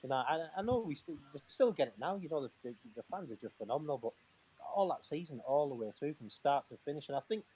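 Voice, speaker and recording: A man's voice: a little high, expressive, a little mellow, slight background noise. Bloke telling stories, laughs a lot, does the other guy's lines too, lots of um and restarts. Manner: chatty and laughing, acting out quoted dialogue; halting restarts and fillers. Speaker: guest, former footballer. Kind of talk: casual storytelling on a live talk-in.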